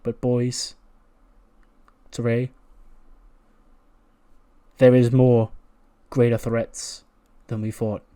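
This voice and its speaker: Speaking extremely slowly with long pauses, this game commentator has a dark, level, medium-pitched voice. As the regular host of a wrestling management game, he narrates casually, laughs often and acts out scenes with quoted voices.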